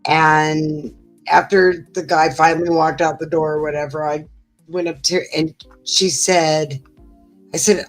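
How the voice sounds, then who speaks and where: Her low-pitched voice stays fairly even and unhurried as this middle-aged livestream co-host chats casually, wandering through stories with lots of filler words. There's soft background music, and the recording quality is rough.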